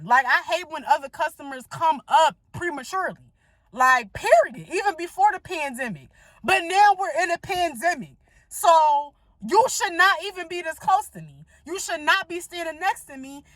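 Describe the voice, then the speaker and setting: High-pitched woman ranting, dry close sound. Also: dry recording. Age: adult. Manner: emphatic, profane, animated retelling. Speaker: vlogger. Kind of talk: storytime rant.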